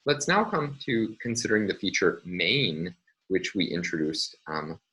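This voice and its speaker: Guy with a really low voice doing a recorded lecture, lots of ums, slow and explanatory. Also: fairly bright tone, a little hiss or hum, poor audio. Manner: measured, explanatory, many ums and uhs.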